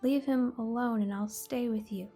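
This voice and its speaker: A gentle young singer from a children's storybook, soft and pleading, as a woman reads her aloud. Faint music sits under the voice. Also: on the high side, steady tone, moderate pace. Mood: tender.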